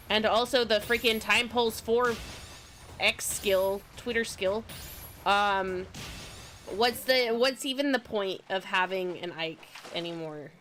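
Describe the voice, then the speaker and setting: A woman's voice: medium pitch, a bit bright. A young woman from California chatting casually on a game stream, a bit stuffy from a recent cold, giggly and rambling. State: slightly stuffy, recovering from a cold. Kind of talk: casual gaming stream chat.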